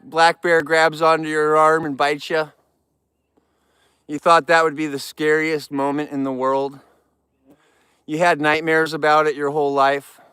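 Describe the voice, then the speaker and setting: A man's voice: on the high side, a bit bright, smooth, dry recording. A man hosting a casual live vlog outdoors, talking straight to viewers in an upbeat, rambling way. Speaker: outdoor livestream host. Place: outdoors in the wild.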